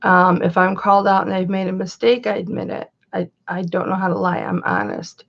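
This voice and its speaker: A woman's voice: medium pitch, fairly quick, gravelly, husky, lo-fi sound. A woman hosting a chatty livestream, greeting viewers by name and calling herself Mama. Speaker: live-stream host and reseller.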